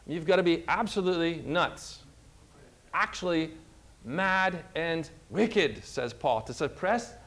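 A man preaches with a fairly high voice. He speaks emphatically, asks his listeners pointed questions and reads scripture passages aloud. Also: animated, takes it slowly, fairly bright tone. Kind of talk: sermon.

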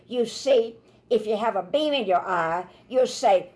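A woman minister teaches scripture with lively energy. She tells everyday stories and slips into the voices of the people she quotes. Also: mid-range voice, normal speed. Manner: animated storytelling, acts out quoted voices. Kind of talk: Bible teaching sermon.

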